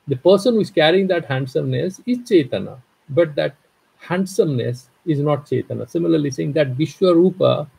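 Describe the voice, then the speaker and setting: Husky, gravelly-voiced man teaching scripture. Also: fairly high pitch, dark tone, rough recording. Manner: explains verse by verse, mixing Sanskrit and Hindi with English; playful, acts out little dialogues. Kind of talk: live scripture class.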